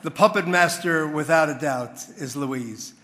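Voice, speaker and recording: A man's voice: fairly high pitch, unhurried, bright, forceful tone, long reverb tail. A man speaking as master of ceremonies at a community dinner, telling stories and rousing the crowd. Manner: storytelling with crowd-rousing build-ups. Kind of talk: after-dinner speech.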